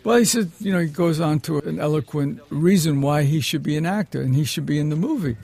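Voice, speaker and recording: Man, raised voice with gravel, rambling storyteller, film director in interview. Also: fairly high pitch, a little fast, a little mellow. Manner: rambling, digressive anecdote telling. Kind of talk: reminiscing interview answer.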